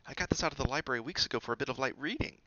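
A man's voice: on the high side, expressive, brisk, bright, forceful tone, no room sound, lo-fi sound, voice pushed up. A man putting on an urgent, know-it-all schoolgirl.

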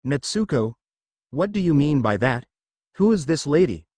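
A fierce mother who claims her son as hers alone, read by a man. Her questions come out sharp and insistent, with a lively pitch. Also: moderate pace, no room sound, studio quality. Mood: demanding. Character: possessive, furious young mother.

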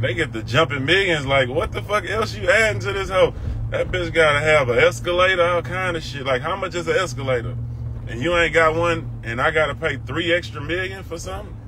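A man's voice: fairly high pitch, sharp tone. A man, talking casually and profanely on a phone livestream while he walks outdoors. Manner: loose, profane, drawling, laughs often. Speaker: livestream host. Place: outdoors by a car and parking lot. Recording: phone audio with faint street noise.

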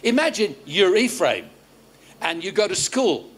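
An Australian pastor delivers a lively sermon at a church service in a high, very animated, slightly bright and husky voice at a measured pace. He stammers into restarts, cracks jokes and quizzes his congregation.

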